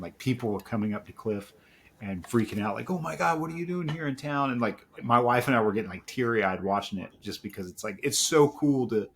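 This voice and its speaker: A man's voice: fairly low pitch, a little hiss or hum. A middle-aged man, a podcast guest, telling heartfelt stories in casual chat with lots of fillers. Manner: reflective and heartfelt, with many fillers.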